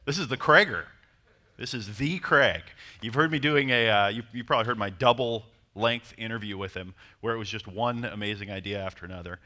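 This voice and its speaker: A man coaching a seminar audience on dating, animated and acting out short bits of dialogue. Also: lowish voice, a little fast. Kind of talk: seminar talk to a live audience.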